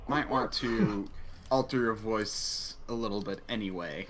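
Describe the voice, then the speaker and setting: A man's voice: on the low side, measured pace, fairly bright tone. A man playing a tabletop role-playing game, offering laid-back, chuckling comments. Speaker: player. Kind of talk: tabletop role-play chat.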